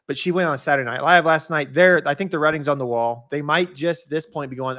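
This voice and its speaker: A man co-hosting a casual political podcast, giving his views in a measured, opinionated way. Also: fairly high pitch, fairly bright tone.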